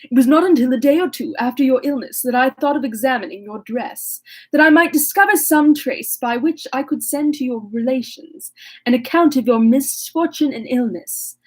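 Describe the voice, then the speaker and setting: A woman reading the part of a gentle older male magistrate from a classic novel, in a slightly breathy voice. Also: high voice, normal speed. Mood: concerned.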